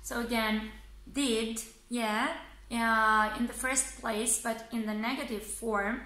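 A woman teaching pronunciation at a very slow, deliberate pace. She says each word twice and checks in with a questioning "yeah?". Her bright, slightly high voice rings in an echoey room. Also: fairly even intonation. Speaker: English teacher. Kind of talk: slow, careful pronunciation lesson.

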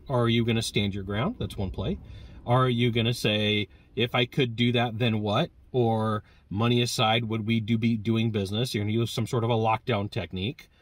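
A man teaching sales negotiation in a lively, conversational way, acting out bits of dialogue with customers. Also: medium pitch, no room sound. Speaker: sales trainer. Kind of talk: direct-to-camera sales coaching.

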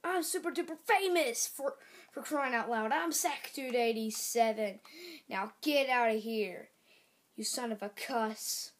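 Woman doing a sack-doll star, boastful, showy, squabbling, high voice, unhurried. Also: slight background noise, natural voice. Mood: bickering. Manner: squabbling, showy, quick shifts to loud shouts. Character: boastful little sack-doll star who bickers and yells.

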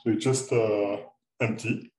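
A man giving a math seminar lecture, halting with many fillers and restarts. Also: on the low side, fairly even intonation, a little mellow. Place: lecture room. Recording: echoey lecture hall, mic far off, noisy.

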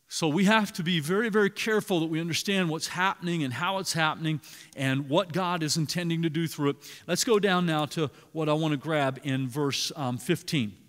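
A man preaching a sermon as pastor, animated, swinging between loud emphasis and hushed asides. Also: on the high side. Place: church sanctuary. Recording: long reverb in a large hall.

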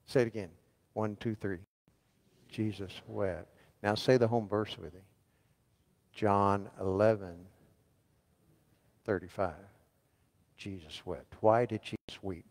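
Slow and pausing often, a man with a low-leaning, darkish voice and steady tone leads a sermon. He asks the congregation to answer him and echo verses back, and the church sanctuary lends a long hall reverb.

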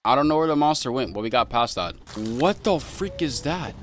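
A young gaming channel host plays a horror game, thinking aloud, addressing his viewers and yelping when something startles him. His mid-range voice is animated and moderately paced, with game music and background noise behind him.

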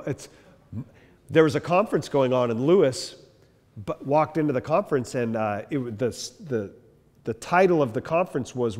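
A man, a pastor, giving an emphatic, conversational church history lecture to a live group. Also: medium pitch. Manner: animated, emphatic, conversational with the room. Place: church hall with long reverb. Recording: echoey hall reverb.

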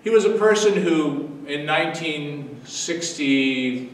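A man's voice: a little high, animated, unhurried, slight background noise. A man in his seventies, a pastor giving a daily devotional sermon, telling the story earnestly and repeating phrases for weight. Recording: echoey room, distant mic.

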